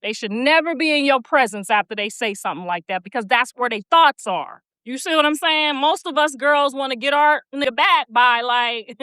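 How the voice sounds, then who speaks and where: A woman's voice: high voice, moderate pace, pushed and bright, no echo. A woman hosting a livestream, telling stories bluntly with plenty of profanity and preachy asides, and reading viewer comments aloud. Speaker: livestream host. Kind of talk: casual livestream chat.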